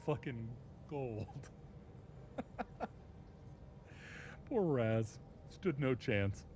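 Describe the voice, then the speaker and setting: A man's voice: medium pitch, sing-song, very slow, a little mellow, a little hiss or hum. Man, streamer, casual chat, profane, laughing, rambling.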